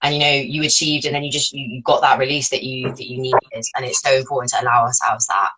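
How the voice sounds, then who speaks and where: A woman's voice: rumbling low, level tone, quick pace, a crowd in the background, low-quality recording. A woman interviewing a guest, supportive and affirming.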